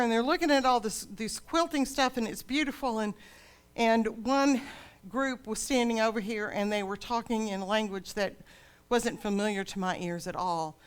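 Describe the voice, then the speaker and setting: A woman's voice: medium pitch, clear, resonant tone. An older woman pastor delivering a sermon in a dramatic storytelling manner.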